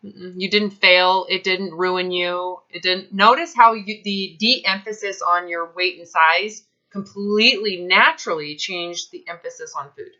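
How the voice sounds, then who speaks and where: A woman coaching a client in a blunt, emphatic way, swearing casually as she presses her points. Her voice sits a little low but sounds bright and forceful. The recording is dull and lo-fi. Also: fairly even intonation, measured pace, few pauses. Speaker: health coach. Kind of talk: coaching session.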